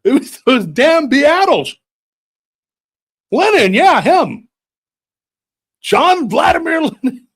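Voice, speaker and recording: A man doing a shrill cranky old grandpa. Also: big pitch swings, slow pace, long pauses, exaggerated voice. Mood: indignant. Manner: shrill, indignant, shouting.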